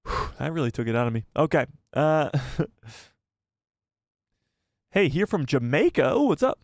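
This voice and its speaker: A man's voice: on the high side, big pitch swings, moderate pace, no echo. Chatty male live-stream host, dry sound. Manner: chatty, laughs often, talks to viewers by name. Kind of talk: casual live-stream chat reading viewer messages. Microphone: headset.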